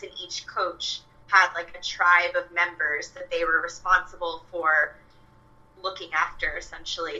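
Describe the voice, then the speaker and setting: A young woman who works as a fitness coach chats casually on a podcast, full of fillers and quoted asides. Her voice is lowish with a sharp edge, but the audio is dull and she sounds a bit far from the mic.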